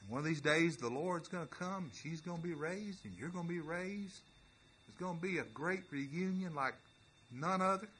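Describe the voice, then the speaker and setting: A male pastor telling a story in a sermon, earnest and halting, with many restarts, who rises into emphatic preaching. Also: a little high, fairly bright tone, a little hiss or hum.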